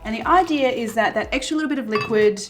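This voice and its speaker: A woman's voice: on the high side, fast talker. Woman cooking in her kitchen and chatting thru the recipe, easygoing, food sizzling, bit of music in the back. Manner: chatty, relaxed, with fillers. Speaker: cooking show host. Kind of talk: casual cooking demonstration. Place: home kitchen.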